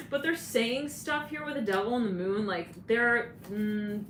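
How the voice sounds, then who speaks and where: A woman with a slightly high voice takes her time with a channeled tarot reading, rambling and dissolving into giggles and frequent laughter. It's captured on a distant mic, sounding roomy with clear background noise.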